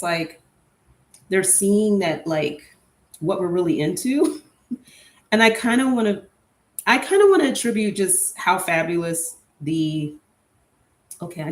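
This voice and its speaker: A woman's voice: on the low side, roomy sound. A young adult woman hosting a casual solo podcast, chatty and candid with an opinionated, filler-heavy way of talking. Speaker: podcast host.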